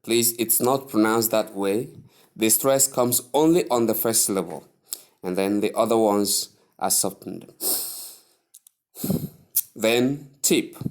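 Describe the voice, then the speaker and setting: A man giving a pronunciation lesson in a lower voice. He talks at an unhurried pace and sounds out each word slowly, stressing the syllables and repeating them. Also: darkish tone. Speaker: English pronunciation teacher. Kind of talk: slow, deliberate pronunciation lesson.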